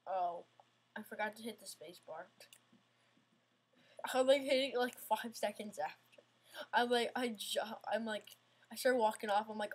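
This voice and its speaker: A woman's voice: medium pitch, moderate pace, long pauses. A woman giving casual, self-mocking gameplay commentary, getting frustrated and talking back at the game. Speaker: gamer playing an obstacle course game.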